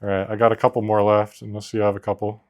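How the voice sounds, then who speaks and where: A man's voice: fairly low pitch, monotone, fast, a little mellow. A man co-hosting a podcast, telling rambling stories in casual chat, laughing often and filling gaps with "like". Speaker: podcast co-host.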